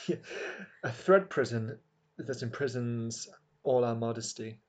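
A man's voice: mid-range voice, slow. A man co-hosting a podcast in casual chat, joking and laughing often. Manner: jokey, laughs often, playful wordplay. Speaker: podcast co-host.

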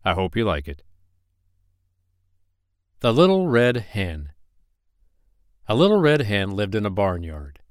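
Male bedtime-story narrator, gentle and expressive, animated pitch, dry close mic. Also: slow pace, pauses often, no echo. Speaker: podcast storyteller.

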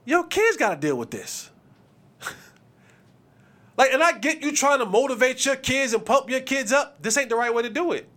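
Animated bright-voiced man giving sports opinions. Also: very high-pitched. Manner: animated, preachy, acts out quotes. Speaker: sports podcast host.

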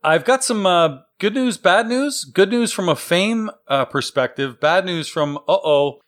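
A man's voice: fairly high pitch, fairly bright tone. A man hosting a pinball trivia podcast, introducing contestants in an upbeat announcer manner. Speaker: podcast host. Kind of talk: game-show style hosting.

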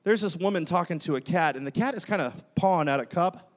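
A male pastor preaching and telling a story in an animated, dramatic way. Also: sits high, fast talker. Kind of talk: sermon with personal storytelling.

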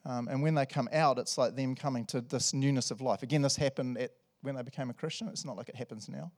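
A male pastor preaching a sermon in a church service, animated and jokey, swinging between loud and soft. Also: mid-range voice, quick pace.

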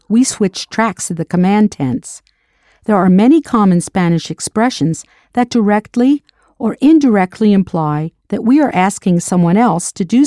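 A woman narrates a scripted audio language lesson with a warm, mellow tone. She is recorded close and dry. She patiently poses drill questions and confirms each answer. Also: mid-range voice, no room sound. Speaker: language teacher.

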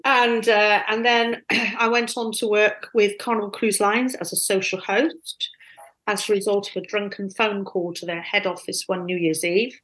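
A woman casually telling animated, self-deprecating stories from her past. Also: mid-range voice, moderate pace, low-quality recording. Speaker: guest storyteller.

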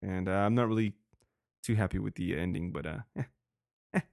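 A young man hosts a casual solo podcast in a low, creaky, darkish voice, speaking briskly. He rambles, swears a lot, and laughs often, and the clean studio recording has no echo.

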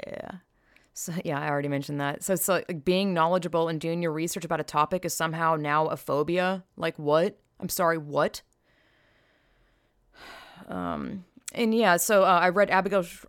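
Woman, casual rant, blunt, profane, emphatic sighs, low-pitched, dry close sound. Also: clean tone, no echo. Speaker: vlogger. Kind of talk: casual opinion monologue.

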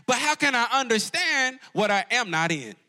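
This campus pastor's voice is very high, bright and forceful, with big pitch swings at normal speed. He leads a live call-and-response sermon in a church auditorium, rising and dropping for emphasis as he calls to the congregation.

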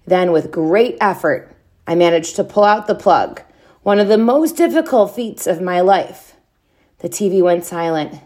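A woman reading a children's chapter book aloud, with expressive, drawn-out storybook delivery. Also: lowish voice.

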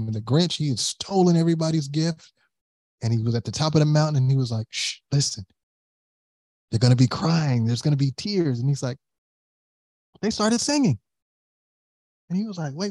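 A man's voice: medium pitch, mellow, no room sound. A man in casual podcast chat, talking animatedly and acting out quotes, with many restarts.

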